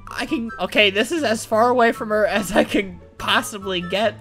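Young guy with a highish voice riffing on a game, swearing and cracking up, faint music behind. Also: normal speed. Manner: excitable, swears a lot, frequent laughing outbursts. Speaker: gaming YouTuber. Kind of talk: comedic let's-play commentary.

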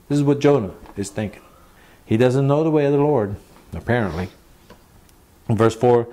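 A man preaching a sermon in a mellow, warm-toned voice at a middling pitch. He stops often to ask his listeners rhetorical questions. Between his own points he reads passages of scripture aloud. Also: moderate pace, long pauses. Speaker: pastor.

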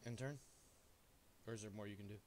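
A man's voice: lowish voice, fairly even intonation, fast talker, darkish tone, slight background noise. A man streaming a game with friends, joking around and laughing often in casual chat.

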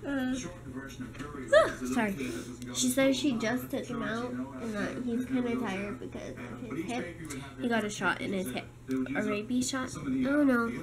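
A woman's voice: on the high side, a little slow, a crowd in the background. A woman vlogging casually at home and out on walks, chatting to the camera and breaking into squealy baby talk with her pets. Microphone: handheld compact camera. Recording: noisy handheld home recording.

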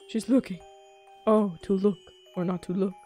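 Slow, playful woman streamer. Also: medium pitch, warm tone, faint music behind. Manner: playful, goofy running commentary. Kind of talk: playing a game live and reading dialogue.

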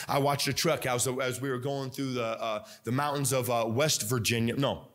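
A man's voice: medium pitch, fairly even intonation, moderate pace, hardly any pauses, fairly bright tone. A young male pastor preaching a sermon in a church, restarting often, with many fillers and restarts. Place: church sanctuary.

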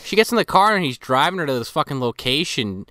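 A man griping about a bad movie on a podcast, animated and exasperated. His voice is bright and forceful, leaping all over its range. The recording is dry and close. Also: on the high side, quick pace, no echo. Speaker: podcast co-host. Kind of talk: casual movie review chat.

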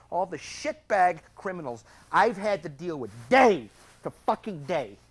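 An actor playing a bitter, foul-mouthed middle-aged police officer in a stage drama, blunt and defiant. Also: male voice, fairly high pitch, a bit bright.

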